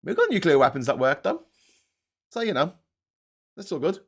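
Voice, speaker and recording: A man in his forties with a Scouse accent rants on a casual live stream. He swears freely and gets fired up as he goes, and his voice sits a little high for a man. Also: wildly swooping pitch, normal speed. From Liverpool, England. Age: 40s. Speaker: host.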